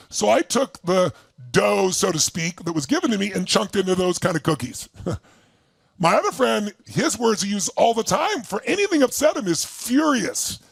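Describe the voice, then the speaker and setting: A man with a raspy, gravelly voice telling a story to a live audience as a motivational speaker. He is emphatic and acts out quoted lines. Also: no echo. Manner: emphatic, acts out quotes with big swings in pitch.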